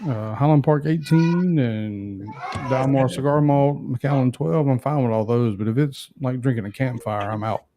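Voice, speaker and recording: A man tasting whiskey with friends in casual chat, often halting and restarting his thoughts. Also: medium pitch, noisy background. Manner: hesitant, self-correcting. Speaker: guest taster.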